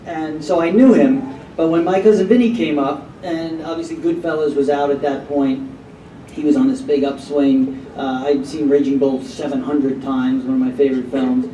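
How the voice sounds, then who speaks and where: A man telling anecdotes to an audience in an animated, rambling way, recorded in an echoey hall from far off. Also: fairly high pitch, moderate pace, slight background noise. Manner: animated, rambling, with many fillers. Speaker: actor telling anecdotes on a panel. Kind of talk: casual storytelling to an audience.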